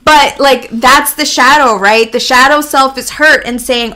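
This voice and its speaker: Bright-voiced woman sharing her story. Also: high-pitched, takes it slowly, few pauses. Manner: earnest and reflective, laughs lightly mid-sentence. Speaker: interview guest. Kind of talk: candid personal storytelling.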